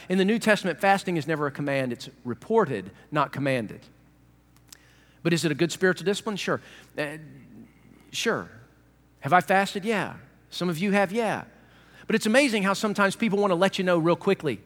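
A male pastor preaching a sermon in a humorous, animated way, acting out little voices. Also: high voice, a little fast, long reverb tail.

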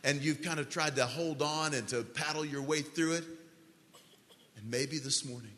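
A man preaching a sermon as pastor, earnest and pleading, slowly leading the congregation through a prayer. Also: a little high, sharp tone. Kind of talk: sermon altar call. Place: large church hall. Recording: long church hall reverb.

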